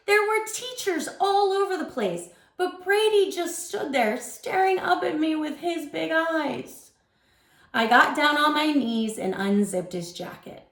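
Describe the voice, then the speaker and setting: A woman reads a children's chapter book aloud in an expressive storytelling voice. Her pitch sits a little high and moves in lively swings. The room around her adds a noticeable echo. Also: measured pace. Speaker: guest reader.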